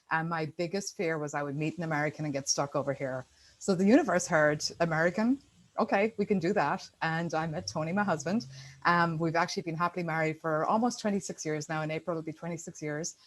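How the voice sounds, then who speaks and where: A woman's voice: low voice, poor audio. Upbeat middle-aged Irish woman on a call. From Ireland. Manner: chatty, upbeat, many fillers. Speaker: guest speaker. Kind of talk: casual presentation on a video call. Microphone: video call.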